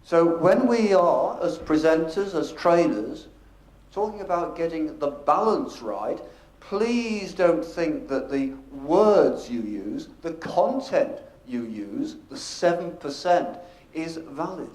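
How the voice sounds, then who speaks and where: A man giving a convention presentation on stage, with a measured, emphatic delivery that shifts in volume and pace. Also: on the high side, lively intonation, darkish tone. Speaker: professional speaker presenting at a convention. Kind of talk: conference presentation. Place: convention function room. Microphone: handheld or stage microphone. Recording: echoey conference room.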